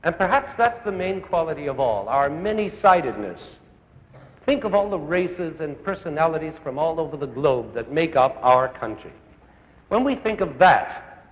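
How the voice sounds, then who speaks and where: A man's voice: a little high, dull audio. Eloquent man lecturing in an echoey hall. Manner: eloquent, enthusiastic, declamatory. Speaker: conductor and music educator. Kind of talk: lecture to a young concert audience. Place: large concert hall. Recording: echoey old broadcast from a concert hall.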